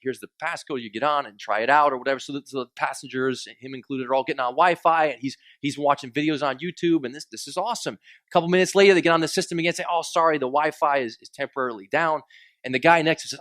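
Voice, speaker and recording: Male pastor, casual joking sermon delivery, slightly higher voice, dry close sound. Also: fast, fairly bright tone, dry recording. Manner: conversational, joking with congregation, acts out quoted complaints.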